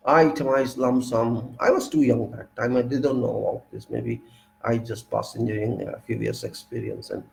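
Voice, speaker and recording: An older man lecturing on engineering, his voice gravelly with a fry at the ends of his phrases. He pushes each point home with emphatic repetition and addresses the listener directly. His pitch sits at an ordinary level for a man. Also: a little mellow, low-quality recording. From India. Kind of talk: recorded lecture.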